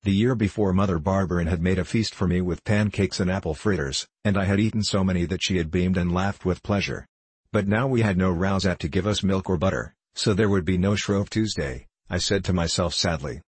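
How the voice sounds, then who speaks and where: A man narrating an audiobook in a measured, steady reading voice. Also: deep voice, husky, no echo.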